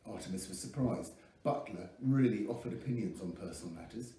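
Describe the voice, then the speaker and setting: A man reading a novel aloud with lively expression. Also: on the low side, a little fast. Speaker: audiobook reader. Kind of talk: scripted narration. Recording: echoey room, mic at a distance.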